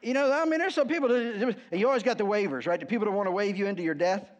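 A man preaching with a fairly high voice, talking to his congregation in an easy, conversational way with dry humor. He drops low and quiet on key words, then lifts his voice for emphasis. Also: racing. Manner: conversational, asks the congregation "right?" often, wry humor. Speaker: pastor. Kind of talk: sermon.

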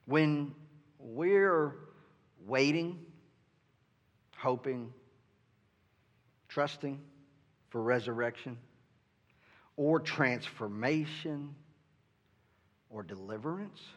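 A man's voice: medium pitch, extremely slow, long pauses. A male pastor preaching a sermon in an earnest way, often asking "right?" and stumbling over the starts of his sentences. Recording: long reverb from a hall.

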